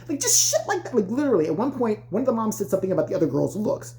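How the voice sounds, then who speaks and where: A woman's voice: medium pitch, sing-song, fast, few pauses, dark tone. A woman vlogger ranting in casual, profane comedic commentary.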